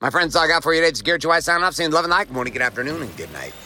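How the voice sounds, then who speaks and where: A man's voice: a little high, expressive, racing, sharp tone, poor audio. A man hosting a motivational podcast, telling a story and repeating his main point with emphasis. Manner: emphatic, repeats key lines. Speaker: podcast host. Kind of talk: motivational monologue.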